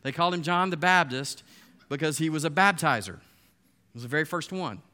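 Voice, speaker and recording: A man preaching a sermon, retelling the story in a lively, storytelling way and acting out the voices of the people in it. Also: on the high side, normal speed. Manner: storytelling, animated, acts out quoted voices. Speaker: pastor.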